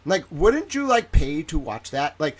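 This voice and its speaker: A man's voice: a little high, sing-song, a little slow, a little hiss or hum. A man hosting a live stream, rambling in a profane, jokey, casual rant.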